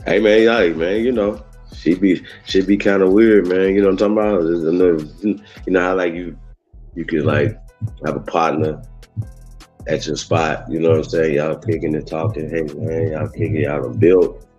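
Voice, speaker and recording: Man, very low voice, blunt and rambling, dull lo-fi audio. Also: fairly even intonation, normal speed, darkish tone, soft background music. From Mississippi. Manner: blunt, heated, rambling, profane. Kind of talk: casual livestream talk.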